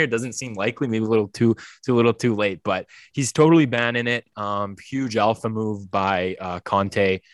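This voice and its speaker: A man's voice: fairly low pitch, a bit bright, no echo. A man co-hosting a sports podcast, chatting in an upbeat, joking way with many fillers. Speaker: podcast co-host. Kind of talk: casual chat.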